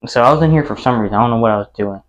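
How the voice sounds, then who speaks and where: A young man co-hosting a podcast in casual chat, excitable and dropping "bro" often. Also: mid-range voice, rapid-fire, rough recording. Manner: excitable, says "bro" a lot. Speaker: podcast co-host.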